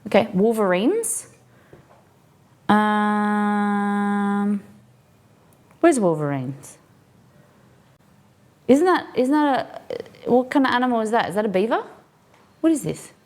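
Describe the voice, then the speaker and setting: Woman, live streamer, unhurried speech, curious, asks lots of questions, excited exclamations. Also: mid-range voice. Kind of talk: casual unboxing chat with viewers.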